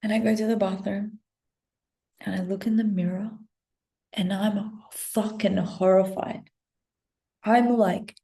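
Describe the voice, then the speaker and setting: Gravelly, dark-voiced woman telling a raw story. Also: medium pitch, fairly even intonation, a little slow. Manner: emotional, heavy swearing, drops into whispers. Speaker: spiritual content creator. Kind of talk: confessional storytelling to camera.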